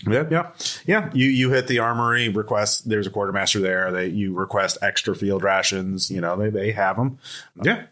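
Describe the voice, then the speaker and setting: Low-voiced guy running the game, rambly and loose, lots of um and yeah. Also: moderate pace, fairly bright tone. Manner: loose, rambling, full of fillers. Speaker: game master. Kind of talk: casual tabletop game narration.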